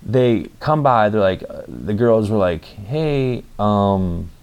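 A young man with a fairly low, darkish, expressive voice tells a story at a measured pace. His monologue is casual and rambling, peppered with swearing and fillers like "like" and "you know."

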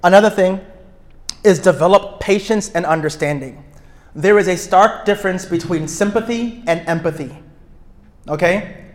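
A man speaking to a room of couples at a retreat, energetic and outgoing, often checking in with his listeners. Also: fairly high pitch, normal speed. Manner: energetic, self-described extrovert; checks in with listeners, asking "right?". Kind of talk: live talk to an audience.

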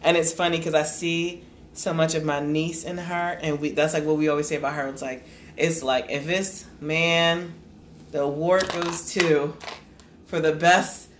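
A chatty parent tells bedtime stories in a loose, laughing way, with lots of "like" running through the talk. The pitch sits in a middle range. The voice rings a bit in a roomy space. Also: a little slow, a little hiss or hum. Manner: animated, peppered with "like", laughing storyteller. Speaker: parent sharing bedtime struggles. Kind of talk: casual chat. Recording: roomy echo.

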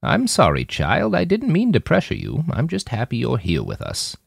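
A man voicing Nanayazi, a kind elderly woman who speaks softly and motherly. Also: medium pitch, huge pitch swings, moderate pace, gravelly, slightly rough, no room sound, clean studio sound, pitched above the performer's own voice, heavily acted. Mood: gentle. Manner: soft, motherly and soothing.

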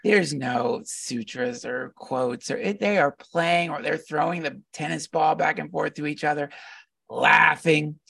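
A man, a podcast guest, telling a heartfelt personal story in an animated, earnest way and often laughing. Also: a little high, measured pace, creaky, breathy edge, distant mic. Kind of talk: casual storytelling conversation.

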